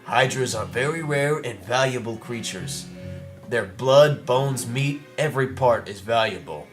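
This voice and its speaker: A man's voice: mid-range voice, lively intonation, a little slow, soft background music, natural voice. A man voicing a scholarly village doctor in a video game, speaking formally with big educated words. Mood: grave. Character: scholarly old village doctor, grave and wordy.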